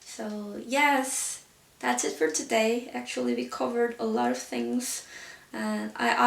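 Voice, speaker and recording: A woman's voice: a little high, gravelly, recorded from a distance. A woman teacher giving an online pronunciation lesson, explaining patiently with frequent "so yeah" fillers. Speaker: language teacher. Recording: roomy echo, voice set back from the mic.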